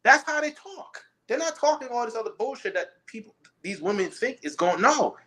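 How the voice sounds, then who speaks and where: A man holds forth in a casual chat, his pitch swinging widely as he pushes his points. The voice has a bright, forward edge. He talks emphatically and rambles, often restarting his sentences. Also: sing-song, moderate pace.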